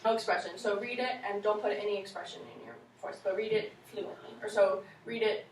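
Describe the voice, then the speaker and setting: A woman's voice: medium pitch, steady tone, a little fast, noisy background. A woman teacher giving classroom instruction, encouraging and modeling reading aloud for her students. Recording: echoey classroom from far off.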